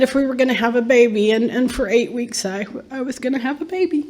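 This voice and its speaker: A woman's voice: fairly high pitch, fast, a little mellow, a faint crowd, slight background noise. Middle-aged woman sharing her recovery story. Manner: earnest, emphatic storytelling with bursts of laughter. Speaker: recovery meeting speaker. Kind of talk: personal testimony talk.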